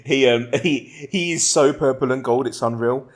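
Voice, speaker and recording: A man's voice: medium pitch, moderate pace. A man hosting a casual podcast, telling rambling stories and laughing often. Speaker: podcast host.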